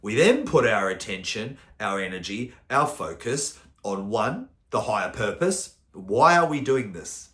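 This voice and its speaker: A man's voice: fairly low pitch, very animated, a little slow, a bit bright, echoey room. A man, working as a mental performance coach and giving a motivational talk through casual stories with the odd swear word. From New Zealand. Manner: casual storytelling, occasional swearing.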